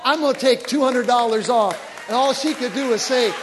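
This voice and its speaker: Man, pastor, very high voice, animated sermon storytelling, long hall reverb. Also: a little fast, few pauses, a crowd in the background, background noise. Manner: animated storytelling, rising to shouted praise. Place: large church auditorium. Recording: long reverb of a large church hall with congregation. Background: faint congregation.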